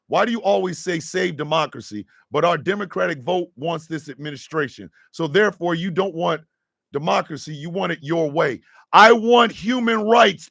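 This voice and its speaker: A man hosting a radio show, delivering an impassioned, profane rant that swings from a low intense murmur to shouting. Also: gravelly, dry recording, studio quality.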